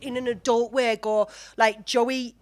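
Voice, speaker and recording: A woman's voice: a little high, little pitch movement, a little slow, darkish tone. A woman, sweary and sarcastic, chatting and laughing through a TV recap as a podcast co-host. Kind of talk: casual chat recapping a TV show.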